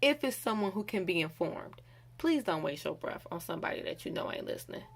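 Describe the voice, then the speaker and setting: A woman giving a casual devotional talk, animated and acting out quoted voices. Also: fairly low pitch, a little fast, slightly rough. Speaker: bible study teacher.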